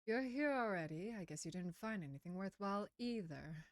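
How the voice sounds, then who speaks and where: A woman's voice: medium pitch, animated, moderate pace, no echo, lightly acted. A woman voicing a guarded, sardonic female vampire detective in a game, talking bluntly and warily. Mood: dry, wary. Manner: dry, blunt, wary. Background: game music.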